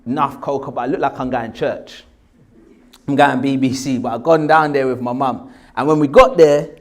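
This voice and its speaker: In a South London accent, an English actor in his forties relates an anecdote from years back at medium pitch and an ordinary pace. He's lively, slipping into the voices of the people in the tale.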